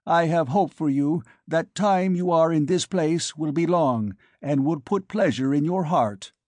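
A man's voice: on the high side, a little slow, darkish tone, dry recording, pitched above the performer's own voice, close to an everyday voice. A man voicing a stilted canine alien envoy. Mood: formal. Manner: stilted broken English, formal. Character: formal canine alien ambassador, male, broken English.

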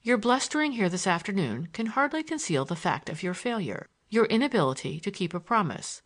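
A woman's voice: medium pitch, sing-song, fairly quick. A woman voicing a scornful young woman who mocks with cold disdain in an audiobook.

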